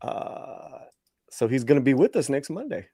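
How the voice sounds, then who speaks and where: A man's voice: medium pitch, big pitch swings, moderate pace, mellow, husky, no room sound, studio quality. A man hosting a casual talk show, chatting enthusiastically and loosely. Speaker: podcast host.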